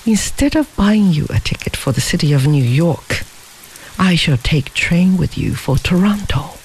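Proud, formal young gentleman, read by the narrator, slow and expressive, rain and music underneath. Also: mid-range voice, a little hiss or hum, rough recording. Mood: resolute. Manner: formal, wordy speech.

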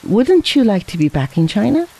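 A reader doing a hearty gentleman on the run. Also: high-pitched, sing-song, normal speed, gravelly, breathy edge, pitched above the performer's own voice, full character voice. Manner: hearty, firm and reassuring.

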